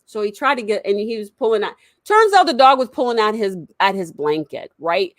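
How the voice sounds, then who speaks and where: A woman in casual conversation, a parent telling animated stories and acting out the voices of the people in them. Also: mid-range voice, brisk, dry recording. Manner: animated storyteller, acts out quotes.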